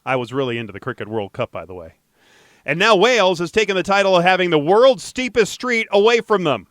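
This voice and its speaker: A man hosting a casual podcast, reading news items and riffing on them in an animated, jokey way. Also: sits high, brisk, no room sound, clean studio sound. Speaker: podcast host.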